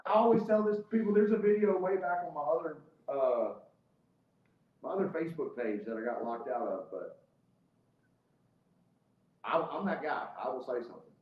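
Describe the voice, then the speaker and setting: A man's voice: on the high side, expressive, normal speed, long pauses. A man telling a heated, profane story as a guest in casual podcast chat. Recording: roomy, slightly dull podcast audio.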